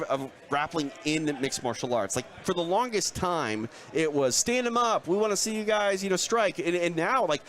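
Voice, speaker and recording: Chatty male fight-show co-host. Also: on the high side. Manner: chatty, animated, lots of fillers. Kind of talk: live sports talk.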